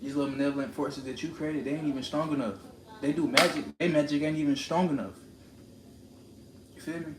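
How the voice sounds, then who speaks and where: A man's voice: a little high, a little fast, long pauses, over a noisy crowd. A man streaming live, talking in a confrontational, preachy rant and repeating lines for emphasis. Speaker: livestreamer. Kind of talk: ranting live stream monologue. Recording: roomy echo with steady background noise.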